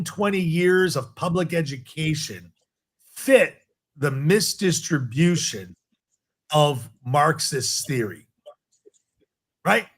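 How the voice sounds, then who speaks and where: Slow, deliberate man listing his points. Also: on the high side, a bit bright. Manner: deliberate, builds long lists. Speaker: podcast co-host. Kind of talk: political commentary.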